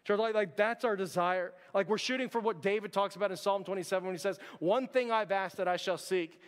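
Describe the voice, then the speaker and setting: A pastor with a high voice preaches an earnest, conversational sermon, calling out to the congregation again and again. His words ring out with a long reverb from the hall around him. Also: brisk.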